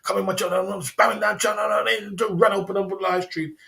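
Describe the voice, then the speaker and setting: A man's voice: high voice, level tone, fast talker, creaky, pushed and bright. A man hosting a livestream, lecturing his chat in a repetitive, emphatic way and chuckling between points. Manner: repetitive, emphatic, chuckling between points, keeps asking "you know what I mean". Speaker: livestream host. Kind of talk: casual livestream rant.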